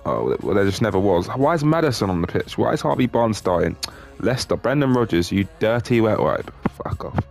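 A man commentating on his own football game, swearing a lot and swinging between glum muttering and excited shouting. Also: lowish voice, a little fast, vocal fry, faint music behind. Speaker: gaming YouTuber.

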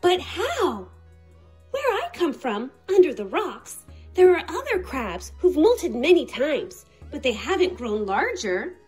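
A woman's voice: high-pitched, very animated, slow pace, a little mellow, faint music behind, full character voice. A woman voicing a small, curious young male crab in a storybook read-aloud, eager and wondering.

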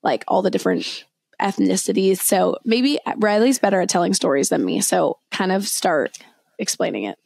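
A woman's voice: medium pitch, expressive, normal speed, creaky, a little mellow, slightly rough, no room sound, studio quality. A young woman co-hosting a podcast, telling a story in casual chat and often correcting herself mid-sentence. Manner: chatty storyteller, many self-corrections and restarts. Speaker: podcast co-host.

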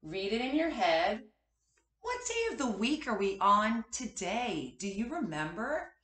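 A woman teaching a kindergarten class its morning meeting, slow and encouraging as she speaks to small children. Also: fairly high pitch, sing-song, a bit bright, reverberant.

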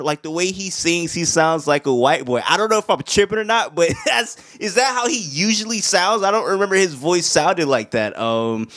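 Young male music reviewer, slightly high voice, relaxed and slangy. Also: moderate pace, few pauses. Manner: laid-back, slangy, hums and sings along. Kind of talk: casual album review vlog.

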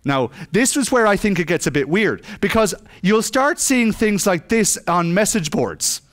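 A man's voice: high-pitched, lively intonation, measured pace. A man giving a comic conference talk on stage, joking and acting out dialogue. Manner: joking, self-mocking, acts out dialogue. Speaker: conference speaker.

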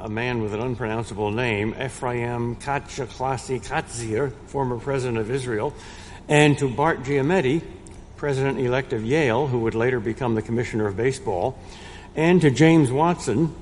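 An older man giving a prepared lecture in a measured way, with a dry, wry humor. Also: medium pitch, a little mellow, slight background noise. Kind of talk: prepared lecture read aloud. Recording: long reverb in a large room.

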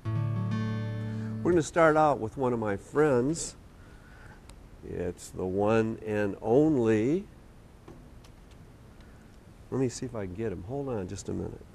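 Slow gentle guy hosting a kids tv show, patient with the little ones, faint guitar in the back. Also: lowish voice, animated, gravelly. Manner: gentle, patient, talks to young children and a puppet. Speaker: children's TV show host. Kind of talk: children's TV show talk to kids and a puppet. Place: community TV studio.

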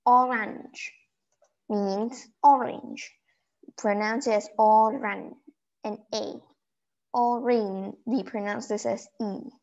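A woman giving a simple German vocabulary lesson, slowly repeating each word so it can be pronounced. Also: medium pitch. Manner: slow, repeating words to pronounce them. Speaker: German teacher. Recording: dull lo-fi recording.

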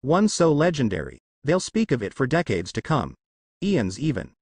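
A man's voice: mid-range voice, wildly swooping pitch, moderate pace, darkish tone, breathy edge, no echo, full character voice. A man voicing a brash, cheerful young male ninja who talks in a boisterous, bragging way. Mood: boastful.

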